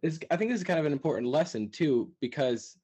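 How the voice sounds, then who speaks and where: A man hosting a podcast, talking in a relaxed, soft-spoken way in casual conversation. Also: a little high, fast, husky. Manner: soft-spoken, brief affirming interjections. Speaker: podcast host.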